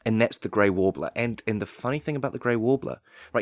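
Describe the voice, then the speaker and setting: A man with a New Zealand accent hosting a comedy podcast, rambling through absurd made-up facts in a straight-faced, deadpan way. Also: fairly low pitch, fast talker, no room sound. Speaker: podcast host.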